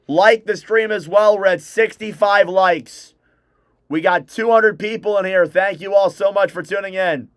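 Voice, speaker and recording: A young man with a high, crisp voice calls a hockey game play by play for his livestream audience. He rattles off player names in quick bursts, and the sound is close and dry. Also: dry recording. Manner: rapid name-calling play-by-play, self-correcting. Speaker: fan livestream play-by-play host. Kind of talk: live hockey play-by-play commentary.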